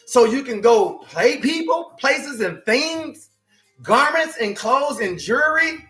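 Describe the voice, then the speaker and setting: A man preaching a motivational sermon as a life coach, swinging between shouting and quiet, repeating himself. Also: extremely high pitch, lively intonation, slow pace, soft background music. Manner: preachy, shifts between shouting and hushed, repetitive. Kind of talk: sermon-style motivational talk.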